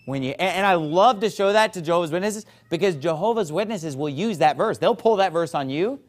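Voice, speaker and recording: Preacher, male, slightly high-pitched, lively sermon delivery, reads King James scripture aloud. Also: fairly quick. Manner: animated, acts out opponents' voices.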